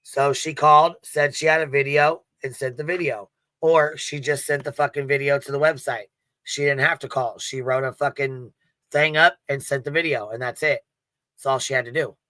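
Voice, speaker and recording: A man's voice: medium pitch, sharp tone, no room sound. A man on a livestream panel, talking in a blunt, profane and combative way. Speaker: panel guest. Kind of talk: heated livestream commentary.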